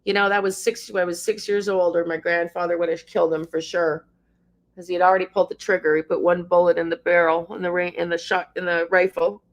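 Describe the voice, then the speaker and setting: A woman in her fifties, a channel host, speaking in an emotional monologue, ranting with passion and fighting back tears. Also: lowish voice. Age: 50s.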